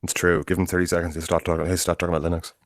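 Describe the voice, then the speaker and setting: A man's voice: sits low, flat delivery, racing, no echo. A man co-hosting a casual podcast chat. He rambles, corrects himself and swears freely. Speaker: podcast co-host.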